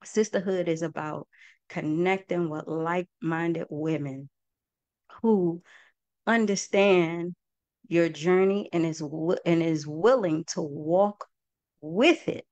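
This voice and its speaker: A woman's voice: lowish voice, slow pace, darkish tone, dry recording, dull audio. A woman hosting a group talk for an online audience, speaking in a heartfelt, folksy way and often calling her listeners "y'all". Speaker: host and project founder.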